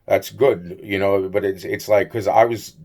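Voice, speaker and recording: A man's voice: on the low side, fairly even intonation, measured pace, a little mellow. A man telling a long personal story in a rambling, repetitive way, swearing freely and trailing off into fillers. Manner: rambling, repetitive, full of "you know" and "blah blah blah", swears freely. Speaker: vlogger. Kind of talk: casual rambling storytelling to camera.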